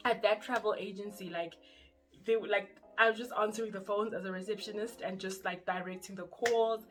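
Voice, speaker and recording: A young woman from South Africa with a South African accent, telling her story in a casual, animated vlog. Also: mid-range voice. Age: young adult. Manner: chatty and animated, acts out quoted voices. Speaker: YouTuber. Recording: music playing underneath.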